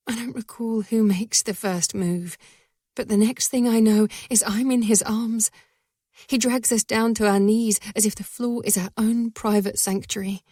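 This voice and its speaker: A woman narrating a first-person romance audiobook in a soft, breathy voice that often sinks to a whisper. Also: a little high, fairly even intonation, unhurried, dry recording, studio quality.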